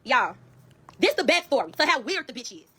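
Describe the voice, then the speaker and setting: A woman with a high, sing-song, pushed and bright voice tells her own story briskly on a phone-camera livestream, with slight background noise. She is profane and emphatic, repeatedly calling out to viewers as "y'all."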